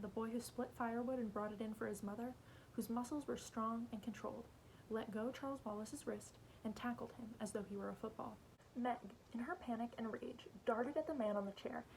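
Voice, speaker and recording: Gravelly-voiced woman reading a novel aloud. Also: a little high, darkish tone, a little hiss or hum, rough recording.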